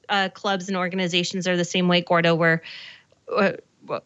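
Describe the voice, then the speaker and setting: Woman in her forties, co-host, chatty with fillers, medium pitch, dry and slightly muffled audio. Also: a bit bright, smooth, no echo. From Colorado, USA. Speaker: show co-host. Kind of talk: casual chat.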